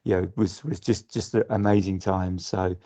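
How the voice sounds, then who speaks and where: A man's voice: low-pitched, fairly even intonation, normal speed, dark tone. A middle-aged man from the UK, a guest sailor on a casual podcast, speaking thoughtfully with frequent restarts and fillers. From United Kingdom. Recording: muffled lo-fi audio.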